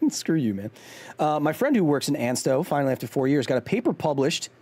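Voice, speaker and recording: Speaking a little fast in a mellow, slightly high voice with big pitch swings, this gaming streamer rambles through a casual live chat with his viewers. He answers the chat, keeps restarting his sentences with lots of ums, and mocks himself often.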